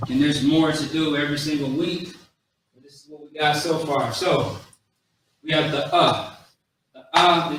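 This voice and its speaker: A man teaching a language class, slowly drilling words one by one with casual asides. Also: on the high side, slight background noise. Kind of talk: classroom lesson. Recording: very echoey room, voice from far off.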